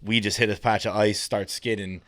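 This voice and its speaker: A man's voice: on the low side, level tone, a little fast, no room sound. A man from Massachusetts, a podcast guest in casual chat, telling rambling stories and laughing at himself. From Fall River, Massachusetts.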